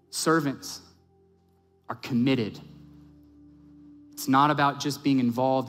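A male pastor preaching a sermon, telling a personal story with repeated phrases and growing emphatic as he preaches. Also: mid-range voice. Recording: reverberant hall with music behind.

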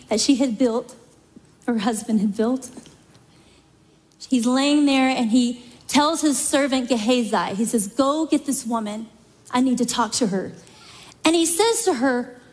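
A woman preaching a sermon, retelling a scripture story in an earnest, emphatic way, speaking into a microphone. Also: sits high. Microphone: handheld microphone. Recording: reverberant hall.

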